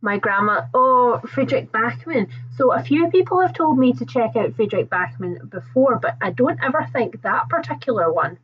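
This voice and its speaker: A woman's voice: fairly high pitch, lively intonation, moderate pace, few pauses, husky. Chatty Scottish woman on a lo-fi stream. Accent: Scottish, toned down. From Scotland. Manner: chatty, warm to viewers, laughs often. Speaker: book channel host. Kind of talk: casual livestream chat reading comments.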